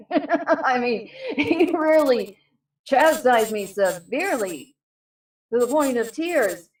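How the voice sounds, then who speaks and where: A young woman telling a personal story casually, halting with many fillers and restarts. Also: high-pitched, expressive. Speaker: panel guest. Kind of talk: casual storytelling on a live stream. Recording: echoey distant mic.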